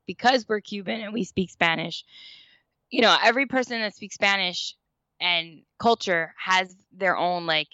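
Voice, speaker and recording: A woman co-hosting a casual chat, telling stories in an animated way with lots of "like"s. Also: fairly low pitch, no echo, lo-fi sound. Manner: animated, storytelling with many "like"s. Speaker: podcast co-host. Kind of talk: casual conversation.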